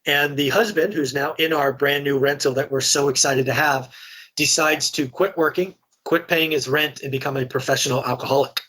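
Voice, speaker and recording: Middle-aged man, slightly breathy voice, frank and chatty interview guest. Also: on the high side, fairly even intonation, moderate pace, fairly bright tone. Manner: candid, conversational, many restarts. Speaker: real estate investor and guest. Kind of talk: casual podcast interview storytelling.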